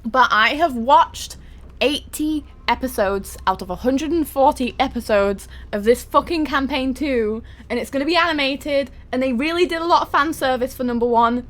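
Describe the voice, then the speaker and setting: A woman's voice: high voice, fairly bright tone. A young adult woman streaming a game, chatting casually with her viewers, laughing often and swearing freely. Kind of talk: casual live-stream chat.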